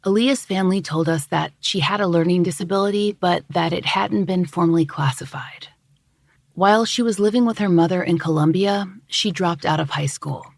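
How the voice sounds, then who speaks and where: A woman host reading scripted true-crime narration in a measured, even way. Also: on the low side, creaky, no echo, studio quality. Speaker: podcast host.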